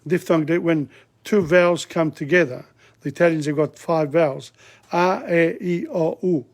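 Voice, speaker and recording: A middle-aged man teaching a language lesson, slowly and deliberately sounding out words syllable by syllable. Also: a little high. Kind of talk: slow spoken language lesson.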